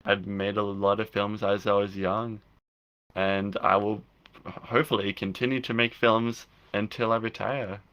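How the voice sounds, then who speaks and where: A man's voice: on the low side, flat delivery, measured pace, fairly bright tone. A young adult man, a filmmaker and podcast guest, chatting casually and rambling with frequent restarts. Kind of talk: casual interview chat.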